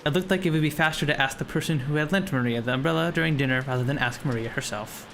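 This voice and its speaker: A man streamer reading a visual novel aloud in an even, measured voice. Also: a little high, creaky, a little hiss or hum. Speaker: streamer and narrator.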